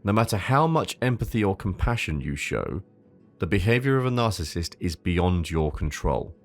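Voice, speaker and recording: A man's voice: deep voice, sing-song, moderate pace, faint music behind. A man hosting a solo advice podcast. He reads from a script, stumbles over repeated words, and drops into casual asides, sometimes with a swear. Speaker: podcast host.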